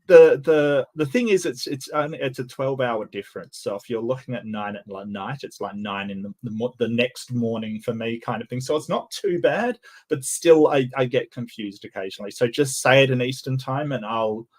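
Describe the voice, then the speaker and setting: A man's voice: mid-range voice, moderate pace, hardly any pauses, a little mellow. A man with a Western Australian accent, a guest on an online call-in chat, who speaks with careful enunciation but halts on many fillers. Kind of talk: casual panel chat.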